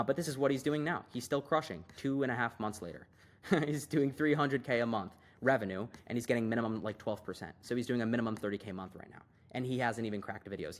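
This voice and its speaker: A young man giving a casual, hyped screen-share tutorial as an online business coach, talking fast and loose with lots of fillers. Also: medium pitch, fairly bright tone.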